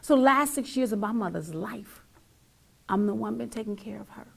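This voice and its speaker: In a husky, mid-range voice with vocal fry, a middle-aged talk show host speaks expressively at normal speed. Her emotional monologue to viewers moves between loud and almost whispered, with lines repeated for emphasis.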